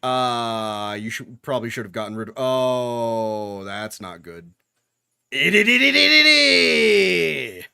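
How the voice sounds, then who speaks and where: A man's voice: on the low side, fairly even intonation, a little slow, few pauses, clear, resonant tone, no echo, clean studio sound. A young man giving casual reaction commentary while watching anime, talking back to the screen with jokes and swearing.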